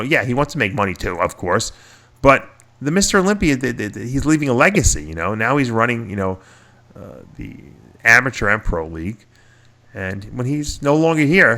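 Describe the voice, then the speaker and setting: Man, New York accent, middle-aged, low-pitched, bright forceful tone, casual show host. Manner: animated storyteller, laughs at himself. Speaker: podcast host. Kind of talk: casual chat.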